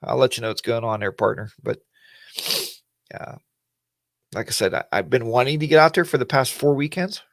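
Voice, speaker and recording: Gravelly, folksy livestream host. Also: male voice, medium pitch, normal speed, no room sound. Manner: rambling, folksy, greets viewers by name. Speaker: host of a weekly livestream chat. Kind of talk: casual livestream chat.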